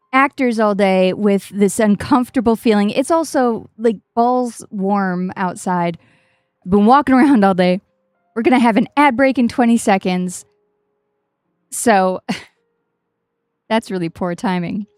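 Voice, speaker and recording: A woman's voice: medium pitch, a little mellow, no room sound, clean studio sound. A woman streamer telling a story casually while gaming, chatty and self-mocking, swearing freely.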